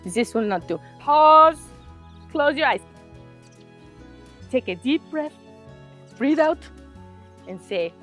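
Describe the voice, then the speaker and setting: A woman voicing a calm, soothing coach with a put-on French accent in a kids' educational sketch. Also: high voice, faint music behind, heavily acted. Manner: slow, soothing, instructive.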